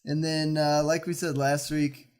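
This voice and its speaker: A man's voice: on the high side, little pitch movement, unhurried, clean tone. A young man co-hosting an esports news recap in an easygoing, casual way. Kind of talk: casual chat.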